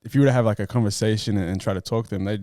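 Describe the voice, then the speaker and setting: A man co-hosting a podcast, talking in a casual, animated, teasing way. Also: fairly low pitch, rapid-fire, no echo, studio quality. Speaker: podcast co-host. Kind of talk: casual group chat.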